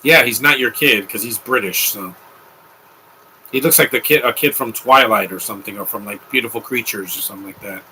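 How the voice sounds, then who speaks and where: Young male commentary host, bright sharp voice, casual opinionated rambling. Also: fairly low pitch, fairly quick, a little hiss or hum, poor audio. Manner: offhand, rambling, opinionated asides.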